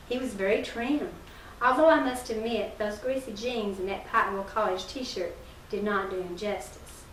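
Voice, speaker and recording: A woman reading a humorous first-person short story aloud in a measured storytelling delivery, with a few small slips. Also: medium pitch. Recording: roomy distant early-1990s recording with faint hiss.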